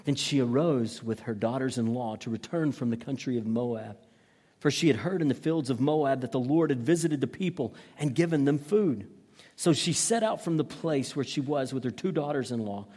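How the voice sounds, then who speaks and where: Earnest preacher with restarts, echoing hall. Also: male voice, medium pitch, normal speed, dark tone. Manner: earnest, with frequent repeated words and restarts. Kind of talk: sermon, reading scripture and explaining it.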